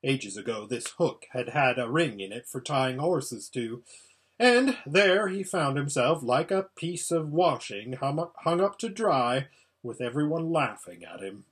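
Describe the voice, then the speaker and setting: Lively, husky man reading a storybook. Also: mid-range voice, unhurried. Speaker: audiobook reader. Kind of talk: storybook read-aloud narration.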